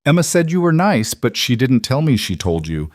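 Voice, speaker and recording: A man voicing a young woman on a date who is tearful and anxious, speaking in a small, choked, rushed way. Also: medium pitch, sing-song, no echo, clean studio sound, voice pushed up, natural voice.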